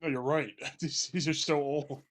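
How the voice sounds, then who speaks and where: A man with a slightly high voice tosses teasing quips from off to the side. His lines are short and mocking. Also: steady tone, moderate pace. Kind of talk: casual banter.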